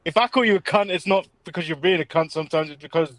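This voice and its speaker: Brief: English male co-host, slightly high voice, dry close sound, loose rambling banter. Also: quick pace, dry recording. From England. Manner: laughs often, lively and rambling. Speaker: podcast co-host. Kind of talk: casual chat.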